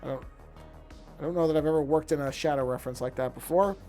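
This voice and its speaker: A man's voice: a little high, very fast, mellow, faint music behind. A man streaming while he draws, chatting casually, musing aloud and often restarting his sentences. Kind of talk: casual talk while drawing.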